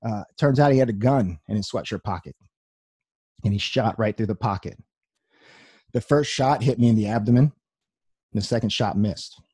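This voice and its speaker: A man's voice: on the low side, normal speed, pauses often, darkish tone, breathy edge, no echo, studio quality. A young man giving a personal testimony talk, telling his story earnestly with wry humor.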